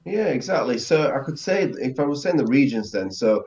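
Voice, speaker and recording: A man's voice: medium pitch, very animated, a little fast, a little mellow. A man from England learning Italian, asking curious, tentative questions in a conversational lesson. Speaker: learner and co-host. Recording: dull lo-fi sound.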